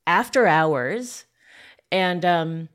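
A woman on a chat show, reflecting calmly. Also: on the low side, very slow. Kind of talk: casual chat.

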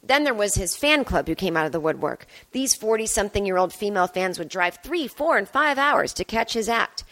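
A woman's voice: mid-range voice, lively intonation, brisk, fairly bright tone. A woman in her fifties hosting a podcast, telling a candid, wry personal story in a monologue from home. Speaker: podcast host.

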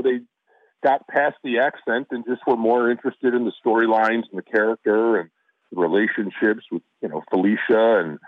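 Chicago man, low voice, rambling with fillers and restarts, dry tinny phone-line sound. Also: no room sound. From Chicago, USA. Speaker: actor and interview guest. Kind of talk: casual interview storytelling.

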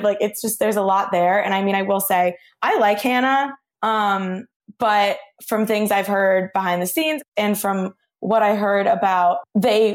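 A woman hosting a podcast in easygoing chat, her voice sitting at an ordinary middle pitch. She rambles, hedges and fills her sentences with "like" as she works through her thoughts. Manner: rambling, hedging, heavy use of "like". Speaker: podcast host. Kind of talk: casual chat.

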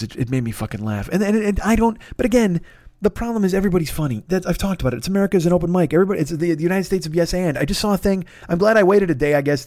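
A man's voice: on the high side, darkish tone, no echo, studio quality. A man hosting his own podcast, ranting in a profane, sarcastic solo comedic monologue. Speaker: podcast host.

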